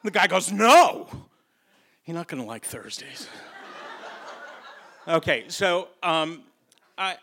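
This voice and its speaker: Blunt halting male stand-up comic. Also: medium pitch, a bit bright. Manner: blunt, crude punchlines with halting restarts. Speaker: stand-up comedian. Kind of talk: stand-up storytelling. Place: stage before a live audience.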